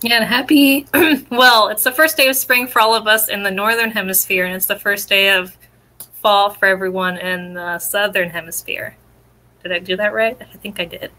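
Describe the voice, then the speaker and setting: A woman's voice: medium pitch, fairly even intonation, normal speed, pushed and bright, poor audio. A woman hosting a casual livestream, greeting viewers and reading comments, laughing often. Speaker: host.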